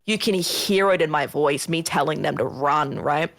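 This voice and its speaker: A woman telling a ghost story on a casual podcast, animated and swearing often, acting out what people said. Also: low-pitched, moderate pace. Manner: animated, swearing, acts out quotes. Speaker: guest.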